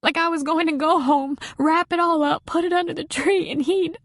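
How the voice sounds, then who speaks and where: A woman voicing a grieving young widow who is crying, her voice shaky and high. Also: a little slow, gravelly, slightly rough, no echo, clean studio sound. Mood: tearful. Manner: sniffling, shaky, high and breaking.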